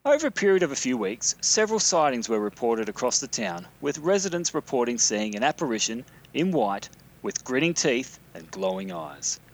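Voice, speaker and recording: Reading his written spooky hometown tale for a recorded submission, a South Australian listener speaks at normal speed in a medium-pitched, very animated voice. Casual, dry asides pepper the reading.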